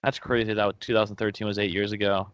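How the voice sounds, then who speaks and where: A man's voice: lowish voice, little pitch movement, fast, a bit bright, clear, resonant tone, no room sound. Chatty man hosting a sports podcast. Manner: chatty, rambling with fillers. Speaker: podcast host. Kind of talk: casual sports podcast chat.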